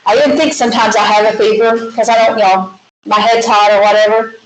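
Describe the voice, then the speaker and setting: A woman's voice: mid-range voice, steady tone, fast. Southern woman lecturing in an echoey classroom. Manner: chatty, folksy asides while working problems. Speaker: math instructor. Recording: echoey classroom with faint hiss.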